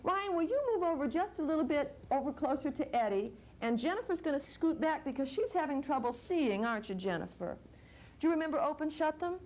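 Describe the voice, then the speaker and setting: A woman librarian leading a children's story hour, warm and coaxing as she reads aloud and asks the children questions. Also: high-pitched, expressive, a little fast.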